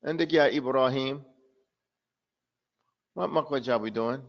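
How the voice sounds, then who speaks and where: A man's voice: medium pitch, normal speed. Man, teacher, quizzing students by name, mixing two languages, dull lo-fi recording. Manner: quizzes students by name, switching between Arabic and English. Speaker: tajweed teacher. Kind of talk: classroom lesson.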